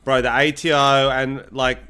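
A man's voice: mid-range voice, level tone, unhurried, bright, forceful tone, clean tone, faint music behind. Sweary Australian man in podcast banter. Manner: crude, sweary and jokey. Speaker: podcast co-host.

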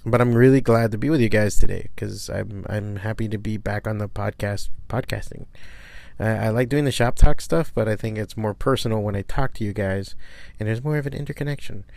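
Gravelly-voiced man rambling on a podcast. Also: fairly low pitch, a little fast, a little mellow, dry recording. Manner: rambling, profane, self-deprecating. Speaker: podcast host, comic shop owner. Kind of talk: casual solo podcast talk. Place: his home studio.

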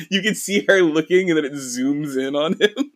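A young man co-hosting a podcast, chatting about a manga in an excitable, giggly way. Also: fairly high pitch, moderate pace, dry recording, clean studio sound. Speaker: podcast co-host. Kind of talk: casual chat.

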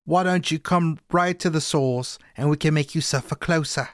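A man's voice: on the high side, moderate pace, dry recording, clean studio sound, lightly acted. A man voicing a smug English oppressor in an exaggerated, put-on English accent. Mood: mocking. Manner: sarcastic, exaggerated.

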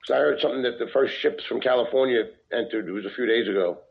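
A man's voice: medium pitch, quick pace, creaky, highs cut off. A man from New Jersey chatting as a podcast guest, conversational and asking questions. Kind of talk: casual political chat.

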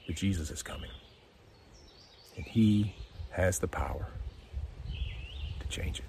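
A man's voice: on the low side, moderate pace, creaky, pauses often, warm tone, slight background noise. An American man giving a casual devotional talk on his podcast, earnest and encouraging, reading scripture and explaining it in his own words. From United States. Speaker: podcast host, devotional speaker.

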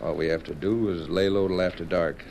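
An actor playing a cocky, hard-faced outlaw in a 1940s radio drama. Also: male voice, low voice, steady tone, brisk, gravelly, darkish tone, slight background noise. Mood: smug. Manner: cocky, laughing.

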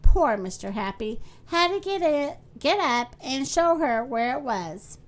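Slow-reading woman storyteller, high voice. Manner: friendly, animated read-aloud. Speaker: podcast host and storyteller.

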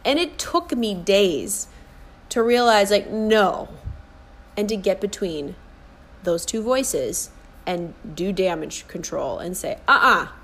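A woman in her forties talks as a coach in a motivational podcast monologue. She is earnest and emphatic, and she comes back to key phrases to drive them home. Her pitch sits in a middle range for a woman. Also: lively intonation, slow. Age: 40s. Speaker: life and fitness coach.

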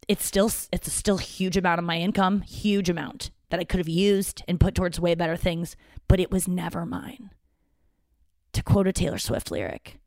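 A woman's voice: on the low side, no room sound, clean studio sound. A woman hosting a podcast, talking in a casual, rambling, self-deprecating way and swearing now and then. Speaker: podcast host. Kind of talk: casual solo monologue.

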